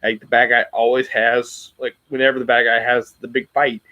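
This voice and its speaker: On a casual livestream, a YouTuber talks to his viewers in a rambling, self-reflective manner, using lots of fillers and restarts. His mid-range voice moves little in pitch at a moderate pace, captured in a dry recording with dull audio.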